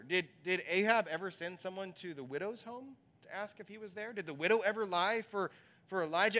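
A male pastor gives a conversational sermon, musing aloud as he teaches. His voice sits high for a man and has a bright, forceful edge.

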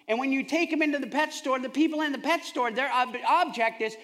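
A man preaching a sermon, telling a humorous family story in a lively, conversational way. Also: extremely high pitch, a little fast. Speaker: pastor.

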